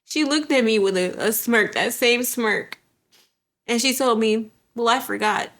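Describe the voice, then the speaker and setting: A young woman telling her personal story as an interview guest, halting and repeating herself while quoting what others said. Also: a little high, a bit bright. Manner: halting, repeats words, quotes others vividly. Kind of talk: emotional personal testimony.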